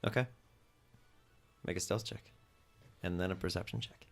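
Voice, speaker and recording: A man narrating as game master of a tabletop game, playful and quick to laugh. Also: low-pitched, steady tone, vocal fry, soft background music. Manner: playful, laughs often, acts out characters.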